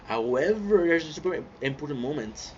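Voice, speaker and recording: An excitable man gushing through a casual episode recap, tripping over restarts and fillers. His voice is muffled and lo-fi, with steady noise hissing behind it. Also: a little high, brisk. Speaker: host reacting to a TV series. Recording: dull lo-fi sound with clear background noise.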